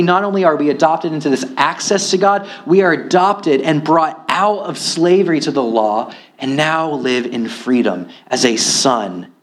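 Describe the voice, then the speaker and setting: Slow, earnest male preacher. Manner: slow, earnest preaching that rises in pitch for emphasis. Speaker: pastor. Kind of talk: sermon.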